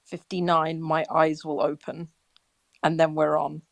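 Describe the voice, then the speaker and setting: A woman joining a casual group chat with quick, laughing banter. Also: low voice, monotone, creaky, dry recording. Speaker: community member.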